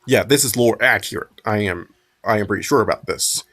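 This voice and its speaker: A man hosting a casual podcast, reading a fanfic aloud and chatting, halting with ums and self-corrections. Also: fairly low pitch, a bit bright.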